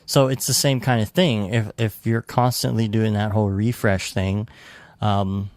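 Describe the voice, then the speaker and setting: A podcast co-host rambles in casual chat, full of fillers and restarts. His fairly low voice has little pitch movement, is a little slow and a little mellow, and the clean studio sound has no room sound.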